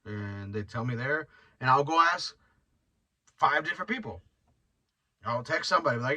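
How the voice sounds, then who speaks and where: A man's voice: a little high, expressive, unhurried, long pauses, sharp tone, distant mic. A man hosting his own podcast, rambling bluntly and swearing freely as he talks through his thoughts. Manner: rambling, blunt and profane, with frequent restarts. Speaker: podcast host. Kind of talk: casual solo podcast monologue.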